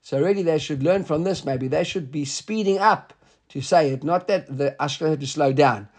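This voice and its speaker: Man with a fairly high voice, giving a Talmud lesson in a chatty, halting style. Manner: conversational, mixes Hebrew and Aramaic readings with English explanation; filler-heavy asides, halting restarts. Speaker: Talmud teacher. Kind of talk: Talmud class.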